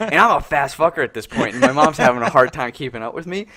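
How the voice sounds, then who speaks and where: A man's voice: fairly high pitch, big pitch swings, fast talker, creaky, a loud crowd. A young man on a casual podcast, telling rambling stories full of filler words and acted-out quotes. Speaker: podcast co-host. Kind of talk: casual chat.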